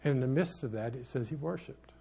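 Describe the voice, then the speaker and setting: An older man preaching a sermon as a pastor, folksy and rambling, with sudden loud outbursts in his storytelling. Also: medium pitch, a little fast, vocal fry, breathy edge.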